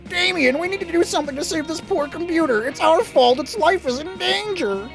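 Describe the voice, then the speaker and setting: A man voicing a dim, excitable young jock who talks like a bro. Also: very high voice, a little fast, gravelly, over music, pitched above the performer's own voice, full character voice. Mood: earnest. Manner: bro-talk, eager and dopey.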